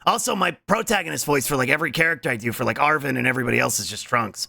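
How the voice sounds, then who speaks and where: A man streaming live and chatting casually with his viewers, animated and laughing loudly, now and then slipping into quick character voices. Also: mid-range voice, vocal fry, no room sound, clean studio sound.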